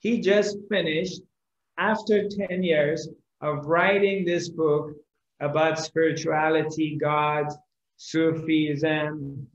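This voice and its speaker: Man spiritual teacher, slow dramatic parable, slightly high voice, roomy echo. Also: fairly even intonation, lo-fi sound. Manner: slow, dramatic storytelling with pauses. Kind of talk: storytelling discourse.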